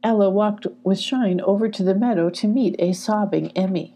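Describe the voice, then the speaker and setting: A woman reading a children's storybook aloud in a calm, even narrating manner. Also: mid-range voice, normal speed. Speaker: audiobook reader.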